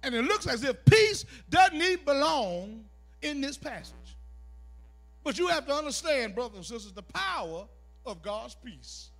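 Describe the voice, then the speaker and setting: A male pastor preaching a sermon, dropping to a hush and then building to shouts with the congregation. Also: expressive, normal speed. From Texas. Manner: builds from low, hushed delivery to shouted call-and-response preaching. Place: church sanctuary.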